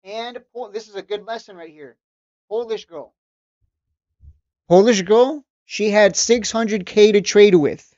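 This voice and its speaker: A man's voice: high voice, a little slow, pauses often, darkish tone, no room sound. A man coaching stock traders in a casual monologue, preachy and mocking, repeating himself and restarting sentences. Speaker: trading coach and channel host. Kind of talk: casual ranting video monologue. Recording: dull, slightly lo-fi dry recording.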